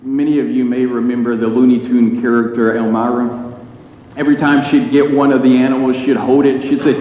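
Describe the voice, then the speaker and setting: A man preaching a sermon in earnest tones with dramatic pauses. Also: medium pitch, darkish tone. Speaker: pastor. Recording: echoey hall with faint noise.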